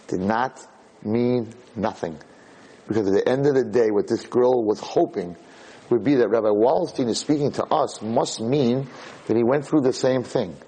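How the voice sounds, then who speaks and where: A man giving a sermon as a rabbi, telling a story in a lively way that builds to emphatic points. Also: mid-range voice, slightly rough, rough recording. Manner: animated storytelling, rising to emphatic peaks.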